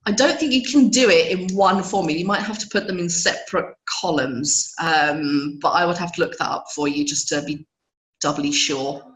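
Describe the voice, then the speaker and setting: A woman with a hoarse voice teaching spreadsheet functions in a live webinar, patiently checking in with her listeners. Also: fairly low pitch, moderate pace, a bit bright, reverberant, low-quality recording. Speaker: Excel trainer.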